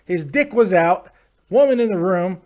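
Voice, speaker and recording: A man's voice: high voice, lively intonation, a little slow, a little mellow. A man hosting a casual live-stream show, ranting with profanity and sarcasm while reading viewer chat. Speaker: host.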